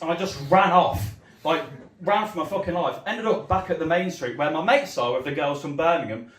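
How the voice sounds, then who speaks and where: A young man tells a rambling, crude stand-up story, full of ums and swearing. His voice sits a little high for a man. The recording sounds roomy and distant, as if the mic is far from him. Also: fairly quick, hardly any pauses. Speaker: stand-up comedian. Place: comedy gig room. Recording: roomy echo, heard from far off.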